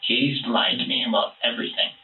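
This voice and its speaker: A man's voice: medium pitch, steady tone, gravelly. Man rambling through a tinny interview tape. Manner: rambling, halting retelling with many restarts. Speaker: man questioned by detectives. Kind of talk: recorded police interview. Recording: tinny, distant, echoey interview room recording with noise.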